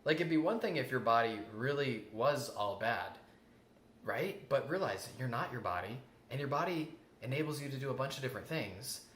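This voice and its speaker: A man with a bright, forceful voice gives an earnest self-help lesson. He repeats his key points for emphasis. The room sounds echoey, with a faint hum of ambient noise behind him. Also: mid-range voice, animated, normal speed. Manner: earnest, repeats key phrases, acts out quoted self-talk. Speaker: host. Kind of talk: self-help coaching talk.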